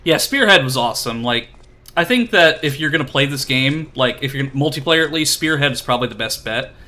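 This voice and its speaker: Bright-voiced rambling male game streamer. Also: medium pitch, expressive, a little fast. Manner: rambling, self-deprecating, lots of fillers. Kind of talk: casual chat while playing.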